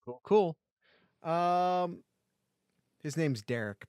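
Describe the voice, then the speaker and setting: A man's voice: medium pitch, animated, takes it slowly, pauses often, no room sound, studio quality. A man co-hosting a casual sports podcast over a call, joking and rambling with many restarts. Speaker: podcast co-host. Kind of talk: casual chat.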